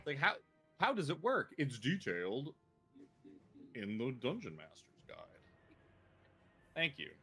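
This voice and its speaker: A man's voice: medium pitch, wildly swooping pitch, unhurried, long pauses, a bit bright, breathy edge, soft background music. A man narrating as game master, rambling loosely with frequent ums and chuckles.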